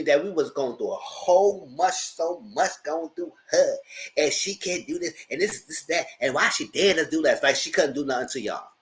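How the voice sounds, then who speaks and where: A man hosting a casual TV review, talking in an animated, blunt way and swearing freely. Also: on the high side, low-quality recording. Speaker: show recap host.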